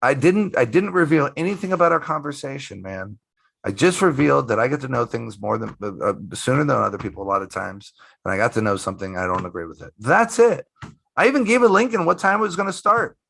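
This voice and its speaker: A man's voice: mid-range voice, fast, creaky, fairly bright tone, dry recording. A middle-aged man from the United States, a magician guest, telling a story emphatically, swearing, and repeating himself as he talks. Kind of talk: casual interview storytelling.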